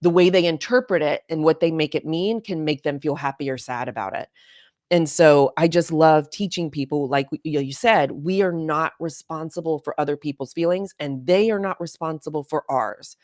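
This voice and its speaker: A woman in her forties with a low voice speaks as a guest coach. She is earnest and emphatic and hammers her points home by repeating them. The sound is close and dry. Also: normal speed, a little mellow, no echo. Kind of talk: casual podcast talk.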